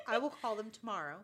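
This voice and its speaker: This woman's voice is fairly high and a bit bright. She's co-hosting a podcast, chatting casually and voicing the dialogue she quotes while telling a story.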